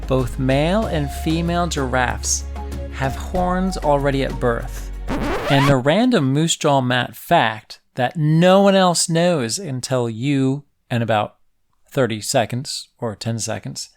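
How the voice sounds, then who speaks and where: Slow, playful man hosting a kids' science show. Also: medium pitch, faint music behind. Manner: playful, jokey, asks the listener questions. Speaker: host of a kids' science podcast. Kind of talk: educational narration for children.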